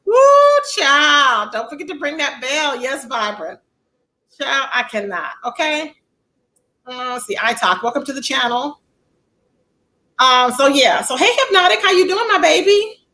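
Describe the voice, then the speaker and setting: A woman hosts her own livestream in a casual, sassy way. Her voice sits high and sounds bright and forceful. She chats freely and reads viewers' comments aloud. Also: expressive, a little slow, a little hiss or hum, poor audio. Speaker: livestream host.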